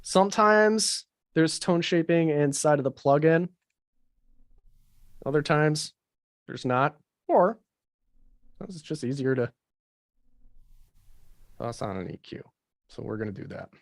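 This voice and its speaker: A man's voice: fairly high pitch, expressive, slow, pauses often, no echo. Man demoing a live mix on a video call, dry close sound, casual and rambly. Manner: casual, thinking aloud with many fillers. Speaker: mixing engineer teaching a livestream. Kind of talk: live mixing tutorial.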